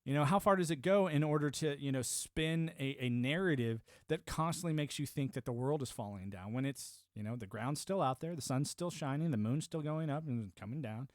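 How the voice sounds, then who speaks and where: A man's voice: medium pitch, fairly quick, hardly any pauses, no room sound, studio quality. A man from the United States streaming a casual, rambling monologue, emphatic and prone to repeating words as he restarts his thoughts.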